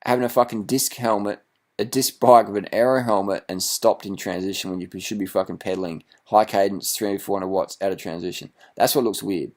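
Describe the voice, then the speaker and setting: A man's voice: on the low side, fairly even intonation, fairly quick, a little mellow. A man, a cycling vlogger, giving mocking, profane reaction commentary on a video and laughing often.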